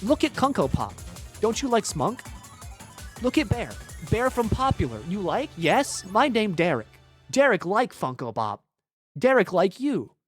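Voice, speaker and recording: A man's voice: sing-song, a little slow, soft background music. A man voicing an overeager male corporate marketer who gushes in clumsy broken English. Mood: fawning. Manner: fawning, clumsy grammar, raised pitch.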